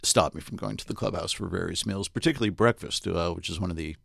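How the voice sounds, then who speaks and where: A man with a low, gravelly voice thinks aloud in a casual podcast chat. He is a golf reporter who circles his points slowly, with plenty of fillers and restarts. The recording is close and dry. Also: fairly bright tone, dry recording. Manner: halting, thoughtful, many fillers and restarts.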